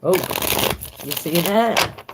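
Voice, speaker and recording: A woman's voice: fairly low pitch, expressive, takes it slowly, gravelly, very noisy. A woman giving a casual live-stream tarot reading, chatting with viewers and answering their comments aloud. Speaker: tarot reader.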